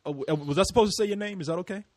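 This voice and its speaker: An American man hosting a casual group podcast, loud, laughing and swearing freely. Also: high voice, very fast, no room sound. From United States. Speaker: podcast host.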